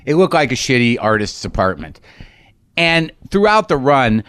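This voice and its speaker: A middle-aged man talks through a loose, profane, self-mocking monologue as a podcast host. His voice sits at an ordinary pitch for a man. It is recorded close and dry, with no room sound. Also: big pitch swings, normal speed, fairly bright tone, clean tone, no echo. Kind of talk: monologue storytelling.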